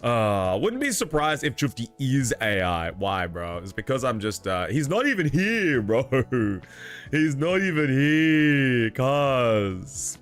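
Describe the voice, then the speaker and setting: A man's voice: mid-range voice, huge pitch swings, a little slow, hardly any pauses, soft background music. A young man streaming live, chatting casually with his viewers, joking, laughing a lot and swearing freely.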